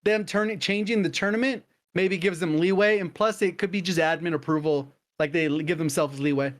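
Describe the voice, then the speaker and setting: A man with a notably high voice talking on a gaming podcast. He builds long explanations around examples, in an easy chatty way. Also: steady tone, brisk. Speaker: podcast co-host. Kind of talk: casual gaming podcast chat.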